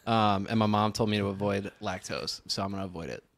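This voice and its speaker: A man's voice: fairly low pitch, fairly even intonation, fast talker, slight background noise. A man co-hosting a podcast in casual chat, often hesitating with filler sounds. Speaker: podcast co-host.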